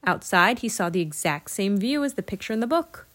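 A woman narrating a children's storybook in an expressive, lilting way. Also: medium pitch, a little fast. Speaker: audiobook narrator.

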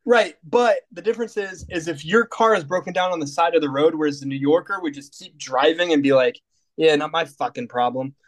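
High-voiced young man, joking podcast co-host. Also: brisk, hardly any pauses. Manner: easygoing, joking, laughs at own lines. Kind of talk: casual chat.

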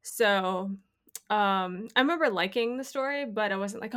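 A woman's voice: medium pitch, moderate pace, a bit bright. A woman co-hosting a podcast in casual chat, thoughtful and a little hesitant. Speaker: podcast co-host.

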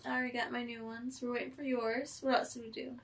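High-voiced teasing woman co-host. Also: little pitch movement, fast. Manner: teasing, bossy, laughs a lot. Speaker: podcast co-host. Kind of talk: casual chat. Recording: voice from a distance off the mic.

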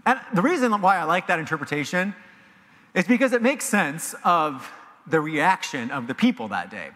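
A man delivers a sermon from the pulpit in an animated, emphatic way. His voice sits a little high and bright, rising and falling widely. The church sanctuary leaves a long reverb trailing behind him. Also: moderate pace. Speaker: pastor. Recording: long reverb of a large hall.

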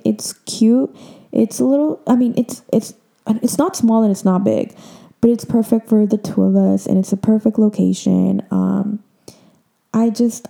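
A young woman in her twenties hosts a podcast in a loose, chatty way, full of fillers and open feeling. Her voice sits at a middle pitch but sounds very dark and mellow, with a steady gravelly fry running under her words. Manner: emotional, chatty, many fillers. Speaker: podcast host. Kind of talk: casual chat.

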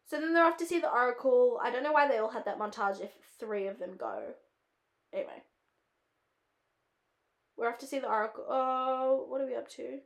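With a fairly high, vocal-fry voice, this Australian podcast host reviews films casually, talking fairly quickly but pausing often. She rambles, leans heavily on "like," and wanders into tangents, all in a reverberant space.

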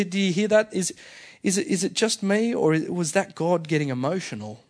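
Male senior pastor, fairly high voice, casual conversational sermon delivery. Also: expressive, unhurried, darkish tone. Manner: conversational, with frequent fillers and restarts.

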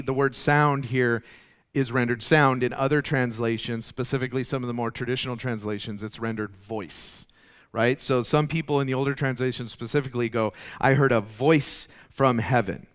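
A man's voice: medium pitch, steady tone, moderate pace, clean tone. A man preaching a sermon with emphatic delivery, often repeating words as he builds a point. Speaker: pastor.

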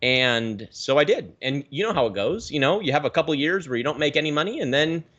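A man in his thirties from the Pacific Northwest, a guest telling his story in a casual interview with lively swings of pitch. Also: fast, highs cut off. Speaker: guest, reef aquarium YouTuber.

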